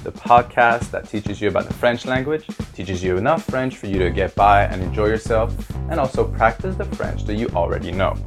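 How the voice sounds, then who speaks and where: A man's voice: lowish voice, animated, vocal fry, music in the background. Upbeat male language teacher. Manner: upbeat, repeats phrases slowly with exaggerated rising intonation. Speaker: language teacher and podcast host. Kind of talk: scripted podcast language lesson.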